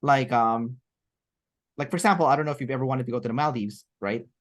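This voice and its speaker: A woman with a rumbling low voice talks fast as an interview guest. Her casual chat rambles, full of fillers and restarts.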